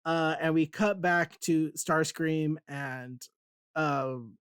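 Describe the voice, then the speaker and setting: A man's voice: a little high, slow pace, a bit bright, clean tone, dry recording, studio quality. A man hosting a casual comic book show, animatedly retelling scenes and acting out characters' lines. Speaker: podcast host.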